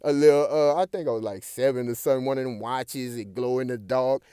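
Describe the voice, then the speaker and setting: A man's voice: mid-range voice, brisk, clean tone, no room sound, studio quality. A man giving a casual, profane review of a sitcom episode, swearing constantly and talking straight to his listeners. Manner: animated, swears constantly, addresses listeners directly. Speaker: show reviewer.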